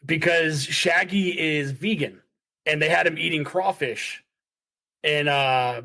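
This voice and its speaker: A man's voice: a little high, takes it slowly, sharp tone. A man in a casual podcast chat who talks with enthusiasm, swears freely and acts out quoted lines. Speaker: podcast host.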